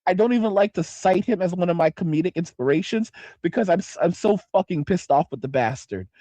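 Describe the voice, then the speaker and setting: A man rambles through a livestream, swearing freely, jumping between thoughts and answering his chat. His voice sits a bit high for a man. The sound is dry and close, with no room echo. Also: brisk. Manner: profane, excitable, trails off and restarts. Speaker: livestream host reading chat. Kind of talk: casual rambling livestream talk.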